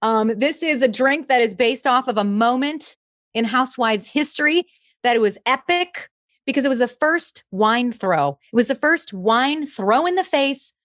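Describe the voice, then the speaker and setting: A woman's voice: fairly high pitch, animated, normal speed, fairly bright tone, no echo, clean studio sound. A woman comedian chatting as a guest, bubbly as she tells a story. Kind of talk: casual chat.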